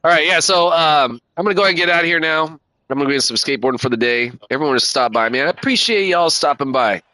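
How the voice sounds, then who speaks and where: A man chatting live on a racing game stream, loose and slangy, swearing freely and calling everyone dude and man. His voice is bright and forward, close to the mic in a dry, dead room. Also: a little high, fast talker, dry recording, poor audio. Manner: laid-back, slangy and profane, calls everyone dude and man. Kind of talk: casual live-stream chat.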